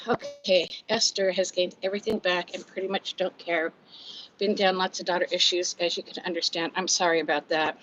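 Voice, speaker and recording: A woman's voice: on the low side, steady tone, normal speed, pushed and bright, rough recording. A woman in her fifties with a Californian accent, hosting a casual live chat from home, out of breath, candid and chatty, reading comments aloud and laughing often. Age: 50s. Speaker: livestream host.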